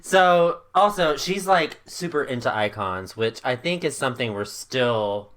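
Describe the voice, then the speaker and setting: A woman's voice: a bass voice, animated, unhurried. A woman co-hosting a podcast, telling history casually with lots of laughter and jokes. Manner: giggly, jokey storytelling. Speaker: podcast co-host. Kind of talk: casual chat.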